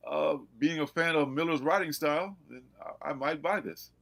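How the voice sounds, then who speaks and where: A man hosting a casual comics livestream, animated and laughing, reading blurbs aloud. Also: on the high side, normal speed, gravelly. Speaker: host.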